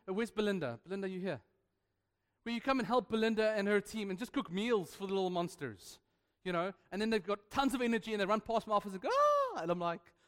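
A man's voice: high-pitched, big-room sound. A man preaching a sermon as pastor, emphatic and playful, with repeated refrains and asides to the congregation. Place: church hall.

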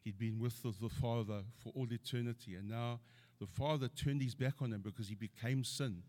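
A man's voice: medium pitch, fairly even intonation, fairly quick, darkish tone. A middle-aged man preaching a sermon, earnestly quoting scripture and building to emphatic points.

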